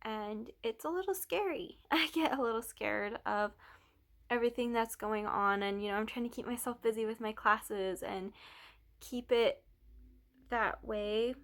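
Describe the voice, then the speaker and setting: A young woman, an art student, rambling softly in a casual vlog with many fillers, a little out of breath. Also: on the high side, measured pace.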